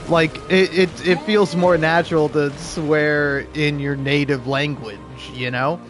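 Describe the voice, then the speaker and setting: A man's voice: a little high, fairly even intonation, normal speed, few pauses, soft background music. A man giving casual, rambling gameplay commentary, full of fillers and restarts. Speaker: gaming video creator.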